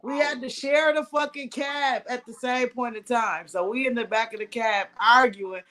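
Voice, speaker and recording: A woman's voice: a little high, steady tone, normal speed, a bit bright. A woman hosting a podcast, telling loose, profane stories in casual chat and talking straight to listeners. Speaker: podcast host.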